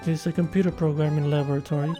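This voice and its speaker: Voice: mid-range voice, flat delivery, rapid-fire, lightly acted. A gamer reading game dialogue aloud as a stiff, robot-like female company director, in a clipped and formal way, with game music behind.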